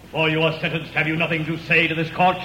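A stern judge, bright sharp voice, formal, long echoey courtroom reverb. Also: male voice, fairly high pitch, little pitch movement, fast, slight background noise. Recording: old radio recording with hall reverb.

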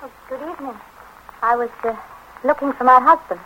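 An actress playing a prim, polite young wife in an old radio drama, speaking in a genteel way. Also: female voice, high voice, brisk, noisy background, lightly acted. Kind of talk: 1930s radio acting. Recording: dull lo-fi old radio recording.

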